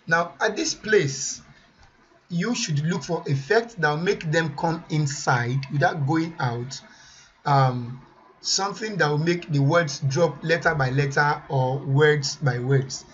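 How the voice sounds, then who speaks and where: A man presenting a software tutorial, thinking aloud as he weighs each option and often repeats himself. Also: on the high side, takes it slowly, lo-fi sound. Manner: muses aloud over choices, repeats himself.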